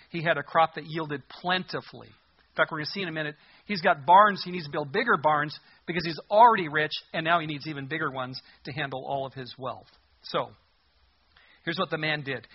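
A man's voice: a little high, breathy edge. A man preaching a sermon in an earnest, emphatic way, repeating words to drive points home. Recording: dull lo-fi recording.

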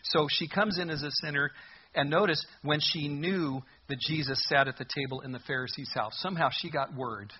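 A man preaching a sermon as a pastor, expressive and full of rhetorical questions, on a muffled lo-fi recording. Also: a little high, moderate pace, slight background noise.

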